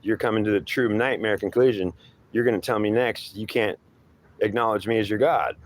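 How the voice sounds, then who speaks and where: In an improvised two-voice monologue, a man voices a menacing male devil who claims to be god, taunting and threatening the listener and calling him boy. His voice is fairly low with fairly even intonation, a little fast, and close to his everyday voice.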